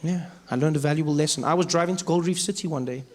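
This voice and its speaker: A man doing wry, animated stand-up storytelling. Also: on the high side, quick pace. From South Africa. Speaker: comedian.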